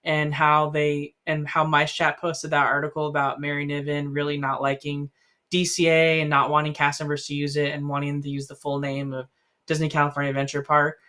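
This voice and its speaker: A man co-hosting a casual livestream, wandering through long anecdotes with plenty of ums and little laughs. His voice has a bright, forward edge. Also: fairly high pitch, completely flat delivery, a little fast. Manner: rambling storyteller with many fillers and little laughs. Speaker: livestream co-host.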